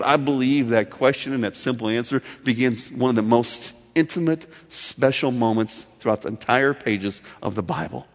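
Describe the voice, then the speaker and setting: A male pastor preaching a sermon in a storytelling way, swinging from loud emphasis to soft, intimate delivery. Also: mid-range voice, in a large hall.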